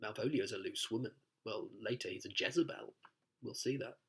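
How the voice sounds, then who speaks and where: A man's voice: on the low side, a little fast, fairly bright tone, husky. A man teaching a play, explaining it line by line in a chatty way, with asides and quoted lines read aloud. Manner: reads quoted lines aloud in voices and sings snatches. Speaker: literature teacher.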